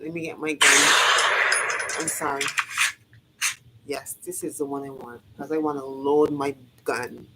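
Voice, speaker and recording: A woman's voice: sits low, noisy background. A woman in a casual motivational vlog monologue, talking in an emphatic, repetitive way, swearing freely as she preaches to her viewers. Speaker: vlogger.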